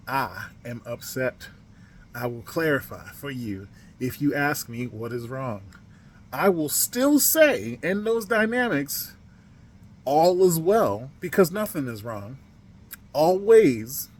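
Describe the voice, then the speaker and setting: A man's voice: medium pitch, slight background noise. Emphatic man on a podcast. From United States. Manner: emphatic, spells out words, swings from quiet to loud. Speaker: podcast host. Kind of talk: casual monologue.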